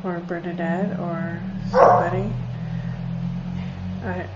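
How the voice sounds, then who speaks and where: A woman's voice: lowish voice, fairly even intonation, slow pace, dull audio, very noisy. A woman chatting casually on a live stream from home, reading cards for viewers and laughing often. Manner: chatty, laughs often, soothes her dogs. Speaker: live stream card reader. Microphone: computer or phone on a live video stream.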